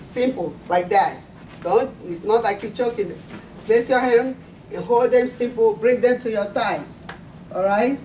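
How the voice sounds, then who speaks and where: A man's voice: high-pitched, darkish tone. A man teaching CPR to a live class, repeating the key steps and checking in with "okay?". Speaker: CPR instructor. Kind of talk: live first-aid class. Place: large indoor conference hall. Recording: echoey hall from far off, faint noise.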